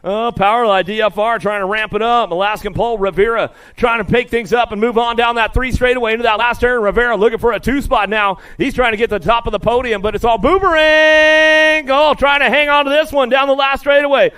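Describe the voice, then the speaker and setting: A man announcing live BMX races, rattling off rider names with bursts of excitement. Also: very high voice, clean tone. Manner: rapid-fire calling of rider names, excitable. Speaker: race announcer. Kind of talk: live BMX race commentary.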